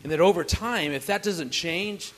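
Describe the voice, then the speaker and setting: Animated, joking male marriage speaker. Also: a little high, moderate pace, slight background noise. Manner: animated, joking, asks the audience questions. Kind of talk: storytelling talk to a live audience.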